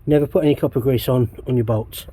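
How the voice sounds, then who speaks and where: A man's voice: mid-range voice, steady tone, fast, mellow, breathy edge. An English man vlogging casually while working on his van outdoors, rambling and swearing often in a laid-back way. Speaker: DIY van customizer vlogger.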